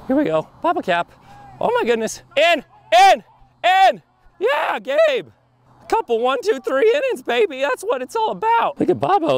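A man giving excited, joking play-by-play of a softball game from an outdoor field, filmed by a camera on a tripod. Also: very high-pitched, creaky. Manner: excitable, joking, yelps and exclamations. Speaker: vlogger and softball player.

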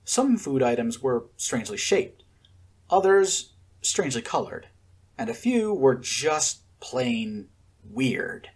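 Husky, expressive male storyteller. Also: medium pitch, slow. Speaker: narrator. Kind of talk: audiobook narration of fan fiction.

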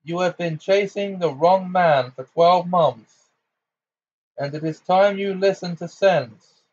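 A man voicing a commanding elderly wizard with measured, weighty speech. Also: medium pitch, a little mellow, lo-fi sound, natural voice. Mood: thunderous. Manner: measured, then thunderous. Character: commanding elderly male wizard, calm authority.

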